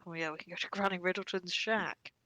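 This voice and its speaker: A woman's voice: fairly low pitch, steady tone, fast talker, pushed and bright, faint music behind. A woman co-streaming a puzzle game, chatting casually with dry, joking remarks. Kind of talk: casual let's-play chat.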